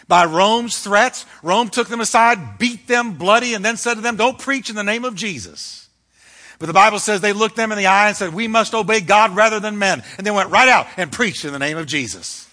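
Male pastor, high bright voice, fiery emphatic sermon delivery. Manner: fiery, emphatic preaching with dramatic shifts.

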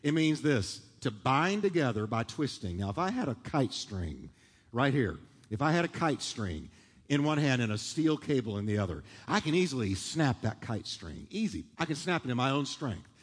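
A man's voice: medium pitch, very animated, moderate pace, husky. A man preaching a sermon to a congregation in a church, leading them in call-and-response and building in fervor. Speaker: pastor. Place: large church sanctuary. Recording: long hall reverb.

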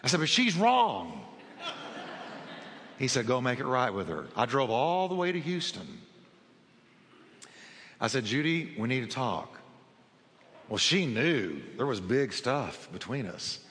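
Bright-toned preacher man in a reverberant hall. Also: medium pitch, very animated, unhurried, long pauses. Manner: storytelling, acts out quoted dialogue. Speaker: pastor. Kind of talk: sermon.

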